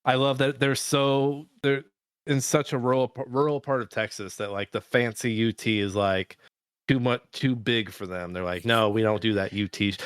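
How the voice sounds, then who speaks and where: A podcast co-host chats casually about a movie, rambling with many restarts and fillers, swearing freely and laughing as he talks. His mid-range voice is clear and resonant, with fairly even intonation, a moderate pace, and no echo.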